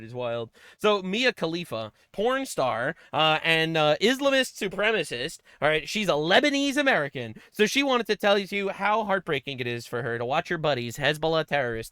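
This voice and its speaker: A man hosting a political stream, reacting to clips with mockery and profanity, breaking into loud sarcastic outbursts. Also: a little high, clear, resonant tone, dry recording, clean studio sound.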